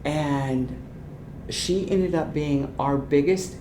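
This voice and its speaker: An older woman with a low voice tells lively workplace stories in an oral history interview. Her voice rings in an echoey room with a faint rumble underneath. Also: slow pace. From Ohio, United States. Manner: lively anecdotal storytelling. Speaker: retired transition specialist.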